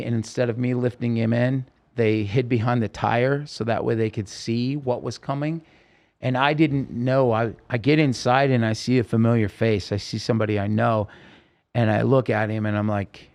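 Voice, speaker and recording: A man's voice: medium pitch, steady tone, normal speed, gravelly, a little mellow. A man, a podcast guest, telling a personal story in an interview, vividly and intensely, acting out quoted dialogue.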